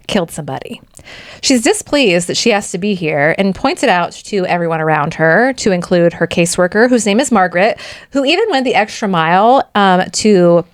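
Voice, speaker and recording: A woman's voice: medium pitch, no room sound, clean studio sound. Chatty woman recapping a book. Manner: chatty, laughs often, sarcastic asides. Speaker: podcast co-host.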